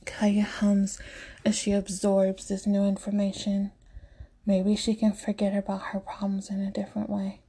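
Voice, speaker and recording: A woman narrating a story slowly, in a hushed voice that often drops to a half-whisper. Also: mid-range voice, monotone, breathy edge.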